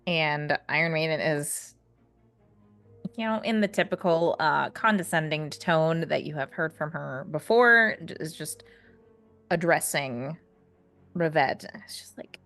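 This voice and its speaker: A woman narrating as game master of a tabletop game, relaxed with many fillers. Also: low-pitched, measured pace. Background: faint music.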